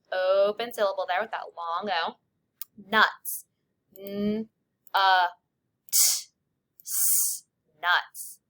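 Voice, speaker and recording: A woman teacher walks young children through spelling words, stretching out each sound and naming every letter with care. Her voice is bright and forward, and she keeps an unhurried, deliberate pace. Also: medium pitch.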